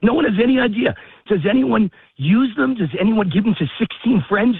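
A high-voiced man calls in from a park walk, out of breath and heated. His voice is husky and comes through a tinny phone line. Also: no echo. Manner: fast, heated ranting with rising emphasis. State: out of breath, walking a dog. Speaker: guest commentator. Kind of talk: political talk radio interview. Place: outdoors in a park, walking. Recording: phone-line call, dry.

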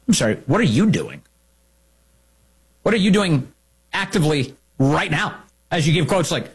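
Husky-voiced, sarcastic male political commentator. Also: a little high, sing-song, moderate pace, pauses often. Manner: sarcastic, indignant, emphatic.

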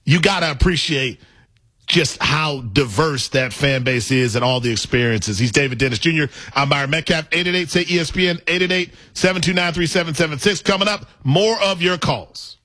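A man's voice: on the high side, a little fast, sharp tone, dry recording. A man hosting a sports radio talk show, chatting with enthusiasm and taking calls. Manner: enthusiastic, conversational.

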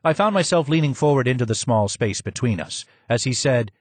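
A man's voice: mid-range voice, lively intonation, no room sound. Man narrating an audiobook. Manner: measured, descriptive storytelling. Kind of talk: first-person audiobook narration.

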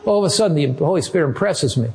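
An earnest male pastor delivers a sermon in a measured way, stretching out key phrases for weight. His speaking voice sits somewhat high for a man. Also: expressive, a little mellow.

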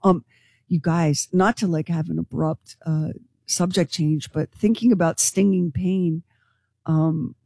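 A woman co-hosting a radio talk show, talking in a lively, gossipy, emphatic way. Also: on the low side, a little slow, gravelly, no echo, studio quality. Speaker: radio co-host.

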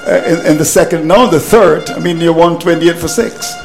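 A man's voice: fairly high pitch, steady tone, moderate pace, creaky, faint music behind, low-quality recording. A man commentating cricket on radio, exasperated at his team's collapse and repeating phrases for emphasis.

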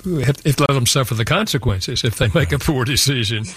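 A man's voice: medium pitch, brisk, fairly bright tone, breathy edge, dry recording. An older man, a guest author, earnestly telling a personal story in an interview and often repeating words as he thinks aloud.

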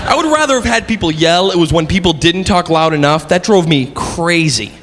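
A man's voice: a little high, lively intonation, a little fast, long reverb tail, soft background music. A man doing stand-up comedy, telling a story in a wry, exasperated way. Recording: loud crowd and noise, live stage.

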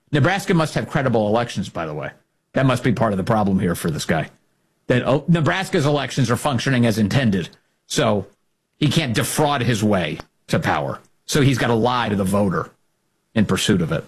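A man's voice: sing-song, moderate pace, husky. A man hosting a political talk show, speaking in a sarcastic, opinionated way and often mocking his opponents. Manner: sarcastic, mocks opponents in high put-on voices.

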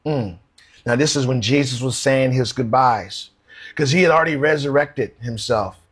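A man's voice: medium pitch, normal speed, breathy edge. A man preaching a sermon. He reads Bible verses aloud and asks his listeners questions. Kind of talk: sermon with scripture reading.

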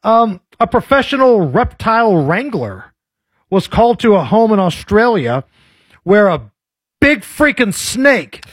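A man's voice: high voice, big pitch swings, breathy edge, no room sound, studio quality. A man co-hosting a talk radio show, wisecracking through casual banter. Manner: wisecracking, quick quips. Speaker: co-host.

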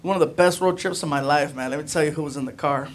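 Stand-up comic, male, high voice, animated storyteller, noisy stage recording. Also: fast. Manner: animated, jokey, acts out friends' voices. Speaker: stand-up comedian.

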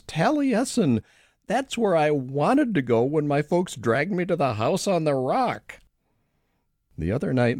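A man tells wry little stories for a local radio segment. His delivery is animated and full of swooping intonation. The voice sits close and dry, with no room sound around it. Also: mid-range voice, no echo. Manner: wry storytelling with lively intonation. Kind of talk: scripted radio commentary.

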